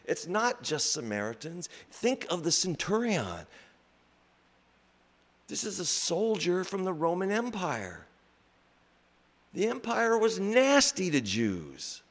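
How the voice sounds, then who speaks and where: A man preaching a sermon slowly and reflectively, with pauses. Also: high-pitched, huge pitch swings. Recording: long reverb in a large hall.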